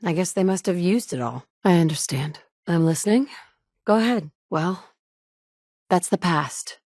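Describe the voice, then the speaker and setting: A game's survivor heroine: level, lower register, dry studio read, sardonic. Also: female voice, lively intonation, unhurried, darkish tone, no echo. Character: resourceful woman survivor, wry and steady. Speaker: player character. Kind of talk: game dialogue lines.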